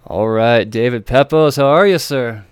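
A man's voice: medium pitch, normal speed, smooth, no room sound. A man hosting a comic podcast, hyped and swearing freely, repeating phrases for emphasis. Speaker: podcast host. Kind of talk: casual chat with profanity.

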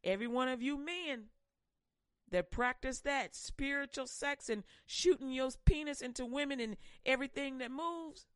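High-voiced woman preaching fiercely. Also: normal speed, smooth, no room sound. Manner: intense, swings between loud pushes and hushed warnings. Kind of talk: fiery sermon.

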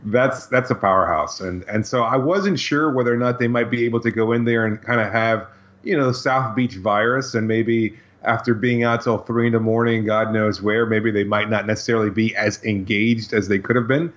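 Man, lower register, casual basketball podcast co-host; muffled lo-fi sound, conversational with dry asides. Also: fairly even intonation, normal speed, a bit bright. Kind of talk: casual sports talk. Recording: dull lo-fi audio.

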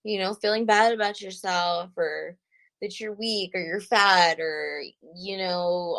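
Slow, halting young woman. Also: medium pitch, low-quality recording. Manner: halting, soft-spoken, with many pauses and fillers. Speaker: guest sharing her story. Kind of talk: personal testimony.

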